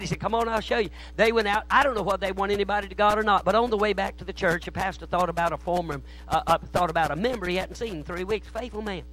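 A man preaching a sermon in a church, telling stories that swing from hushed asides to loud shouting. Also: sits high, low-quality recording. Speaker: guest preacher. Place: church sanctuary.

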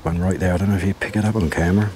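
A man's voice: deep voice, steady tone, racing. A man giving chatty running commentary at a lakeside, talking to the fish and the viewer and sometimes dropping to a whisper. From England. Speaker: angler vlogger. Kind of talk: casual running commentary while fishing. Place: outdoors at a lakeside. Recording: loud outdoor background noise. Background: loud outdoor noise, a dog barking.

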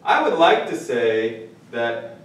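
A man teaching a classroom Spanish vocabulary lesson, jokey and lively, drawing out the Spanish words slowly. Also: mid-range voice. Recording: echoey room, mic at a distance.

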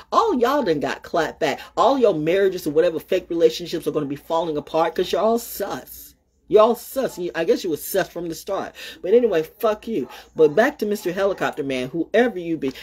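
A woman with a husky, slightly breathy voice hosts her own solo show. She rambles and repeats phrases, curses freely, and swings between loud outbursts and near-murmured asides. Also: lowish voice. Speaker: show host. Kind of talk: rambling solo livestream talk.

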